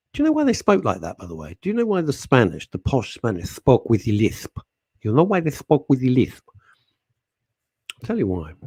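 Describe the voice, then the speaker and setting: A man's voice: mid-range voice, husky, no echo, clean studio sound. A man hosting a radio talk show, chatting casually and reading out listener comments by name. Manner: chatty, animated, jokey, talks to listeners by name.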